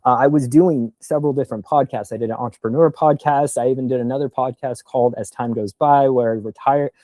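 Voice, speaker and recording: Earnest, rambling man, mellow voice. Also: mid-range voice, steady tone, fast talker, no echo. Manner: earnest, emotional, rambling storytelling. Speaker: podcast guest. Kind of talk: casual podcast conversation.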